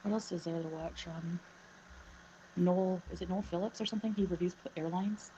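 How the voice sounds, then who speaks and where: With a fairly low, steady voice at a moderate pace, a woman appearing as a livestream guest chats casually and welcomes viewers by reading their names from the chat. Loud fan hum runs through the lo-fi audio from her home mic.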